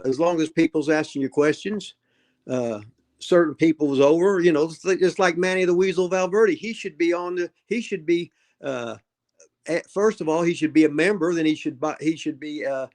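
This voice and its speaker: A man in his seventies hosting a casual livestream, talking in a rambling, gruff way that trails off and restarts. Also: on the high side, normal speed, darkish tone. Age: 70s. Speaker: host.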